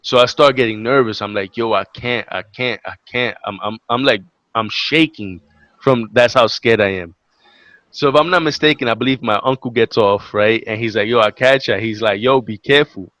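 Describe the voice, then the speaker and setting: A man's voice: medium pitch, normal speed, no room sound. Young New man, casual podcast storyteller, swears freely, dry close sound. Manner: animated, profane, acts out quotes. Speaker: podcast co-host.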